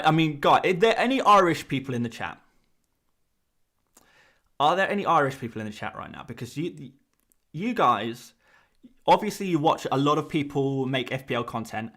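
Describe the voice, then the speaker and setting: An English man hosting a live fantasy football stream, talking casually to his chat in a rambling, exasperated way. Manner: animated, rambling, voice jumps high when exasperated.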